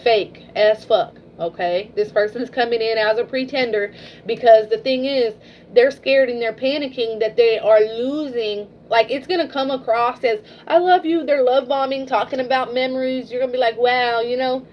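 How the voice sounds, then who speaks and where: A woman's voice: on the high side, steady tone, moderate pace, dull audio, a little hiss or hum. Blunt, foul-mouthed woman reading tarot. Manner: blunt, swears freely, keeps checking in with "okay?". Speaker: tarot reader. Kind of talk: casual tarot reading to camera.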